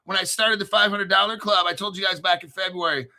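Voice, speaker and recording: Excitable, profane New Jersey man. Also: high voice, quick pace, gravelly. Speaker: crypto channel host. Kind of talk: casual livestream chat.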